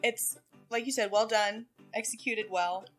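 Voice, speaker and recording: A woman with a Texan accent co-hosting an art podcast in casual, animated chat, laughing often and talking fast when excited. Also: medium pitch, faint music behind. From Texas, USA. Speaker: podcast co-host.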